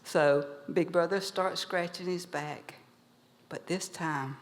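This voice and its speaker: A woman storyteller telling a traditional animal tale to a live audience, animated and lively. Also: deep voice, slow, pauses often. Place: museum event hall. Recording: long hall reverb.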